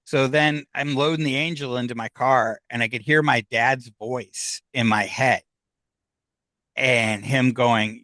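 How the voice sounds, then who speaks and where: A man's voice: mid-range voice, fairly even intonation, a little slow, bright, forceful tone, no room sound. Middle-aged man telling a story, dry sound. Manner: candid, rambling, full of fillers. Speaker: podcast guest. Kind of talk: personal storytelling.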